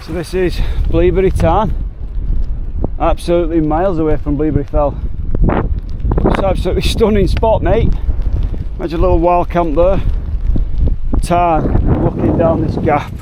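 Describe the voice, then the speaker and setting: A man in his 40s with a voice on the high side speaks reflectively and from the heart as he walks in the mountains by a lake. It's an emotional hiking vlog recorded with a noisy background.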